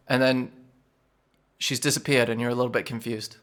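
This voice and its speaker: A man running a tabletop game, recapping scenes in a bright, forceful voice. He talks in a loose, relaxed way, leaning on fillers. His pitch sits in an ordinary middle range. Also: moderate pace. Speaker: game master.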